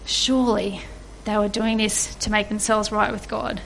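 A woman's voice: medium pitch, flat delivery, normal speed, vocal fry, a bit bright, slight background noise, poor audio. An earnest woman giving a reflective devotional sermon, asking her listeners questions. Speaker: preacher.

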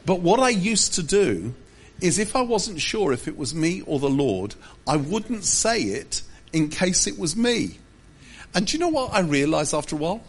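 A man's voice: sits high, big pitch swings, moderate pace, slightly rough. A man pastor giving a humorous sermon, telling self-deprecating stories with asides. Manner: self-deprecating storytelling with jokes.

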